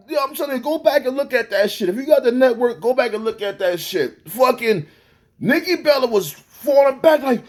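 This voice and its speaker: Fired-up high-pitched man ranting. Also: normal speed. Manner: animated, swearing, exasperated. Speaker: wrestling reviewer. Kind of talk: profane ranting review.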